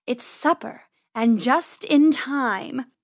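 Woman playing a storybook cat villain, sly and grand, purring slowly. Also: high voice, lively intonation, no room sound, clean studio sound, heavily acted. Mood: menacing. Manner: slow, drawn-out purring.

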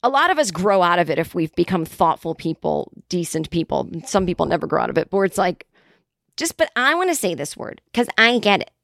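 A woman hosting a solo podcast, talking in a sarcastic, rambling, animated way. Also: lowish voice, fairly quick, vocal fry, no echo, studio quality. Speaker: podcast host.

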